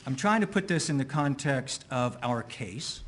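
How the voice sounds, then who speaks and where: A man working as an attorney, questioning an expert witness in court with careful, deliberate phrasing and occasional restarts. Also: medium pitch, expressive, slight background noise.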